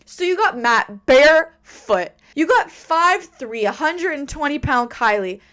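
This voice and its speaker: Animated female podcast host, dramatic storyteller, bouncy and high in pitch. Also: a little slow.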